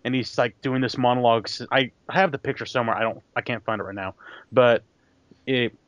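A young man speaking as a podcast guest, halting and restarting as he searches for words. The recording is dry, with a dull, lo-fi sound. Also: medium pitch, fairly even intonation, no echo. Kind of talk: casual chat.

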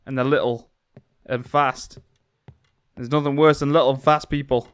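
A man's voice: medium pitch, fairly even intonation, normal speed, fairly bright tone, clean tone. A young man commentating a horror game as he plays, talking to himself and jumping into panicked screams. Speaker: gaming YouTuber.

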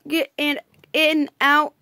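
A woman's voice: high-pitched, flat delivery, sharp tone, no echo, studio quality, heavily acted. A woman reading as a bossy spider hacker. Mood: explaining, bossy. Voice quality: read aloud haltingly with restarts.

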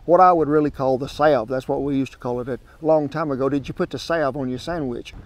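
Standing outdoors at a smoker grill, a man with a Southern American accent hosts a cooking show, chatting in a homespun way to the folks watching. His voice is medium-pitched and quick, picked up by a wireless clip-on mic with a little hiss or hum.

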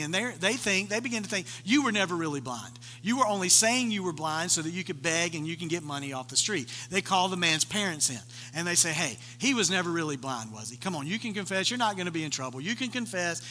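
A man preaching a sermon, retelling a story with animated voices for the people in it. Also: high voice, big-room sound, slight background noise. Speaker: pastor.

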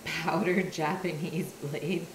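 A woman's voice: sits low, steady tone, takes it slowly, slight background noise. A woman from Canada cooking on a live stream in her home kitchen, chatting with viewers and answering their chat as she works. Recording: echoey kitchen with loud clatter. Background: clattering pots, pans and dishes.

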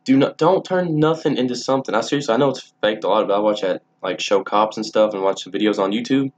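A man's voice: lowish voice, fast talker, muffled recording. A young man telling stories casually to camera, rambling and swearing freely with many restarts. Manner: rambling, profane, frequent restarts. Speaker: vlogger.

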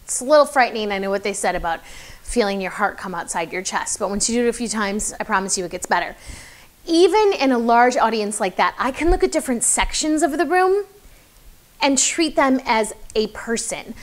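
A woman's voice: a little high, expressive, fairly quick. A young woman coaching public speaking in a chatty, encouraging way, with lots of fillers. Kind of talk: casual advice video to camera.

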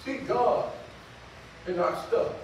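An older man preaching a sermon as pastor, in a folksy call-and-response way that breaks into shouts. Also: high voice, takes it slowly, a little hiss or hum. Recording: echoey hall from far off.

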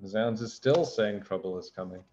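A man reading a picture book aloud to children, gently explaining words as he goes. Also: on the low side, normal speed, lo-fi sound, a little hiss or hum. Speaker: teacher reading a storybook aloud.

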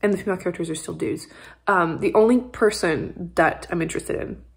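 A woman's voice: lowish voice, brisk, vocal fry. A young adult woman book vlogger chatting casually at home, rambling with lots of "like" and small laughs. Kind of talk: casual chat. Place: at home on a couch.

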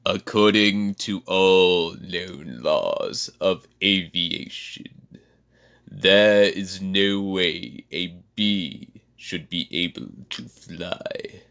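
Man doing Palpatine, gravelly sick rasp. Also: low-pitched, sharp tone, full character voice. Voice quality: gravelly, hoarse. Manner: slow, menacing drawl with sudden hisses. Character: sinister old male galactic emperor.

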